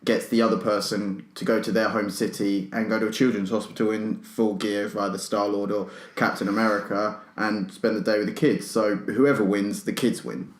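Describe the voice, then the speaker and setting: A man's voice: lowish voice, little pitch movement, moderate pace, few pauses. A man chatting casually as a podcast co-host, often laughing. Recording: echoey room.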